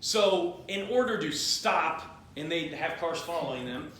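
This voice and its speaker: His voice sits on the high side and is animated, a little slow, with crowd noise around him. At a party, he loosely and jokily rambles through a history story as a comedic drunk retelling, voicing the people he quotes. The very echoey room carries a faint noise.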